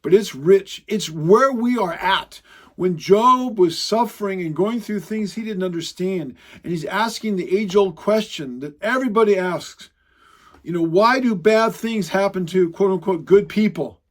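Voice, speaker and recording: Male preacher, high-pitched, conversational teaching style, emphatic delivery. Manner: emphatic, conversational, quotes scripture with dramatic slowdowns. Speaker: Bible teacher. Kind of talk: sermon teaching.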